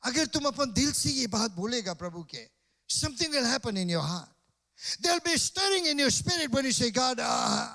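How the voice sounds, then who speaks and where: Male pastor, high bright voice, swings from shouts to whispers, reverberant church hall. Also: expressive, fast, vocal fry. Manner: swings between shouting and soft whispered prayer; mixes English with Hindi. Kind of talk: sermon.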